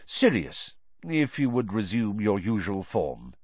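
Brief: a man doing a calm old wizard headmaster for an audiobook, measured and raised in pitch, dry and lo-fi. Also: breathy edge, no echo, exaggerated voice. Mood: grave. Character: wise old male headmaster, calm, commanding. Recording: dull lo-fi recording.

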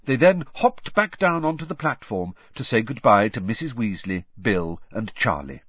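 A man narrates a storybook in a low, husky voice with a lively, rising and falling pitch. The recording is dry and close, with a slightly dull tone. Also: a little slow, hardly any pauses, no room sound. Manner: expressive storybook reading. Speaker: audiobook narrator. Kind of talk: scripted narration.

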